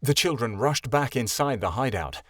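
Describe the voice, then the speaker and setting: A man reading a fantasy audiobook as the narrator, in an expressive storytelling manner. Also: mid-range voice, moderate pace, no room sound, clean studio sound. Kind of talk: scripted narration.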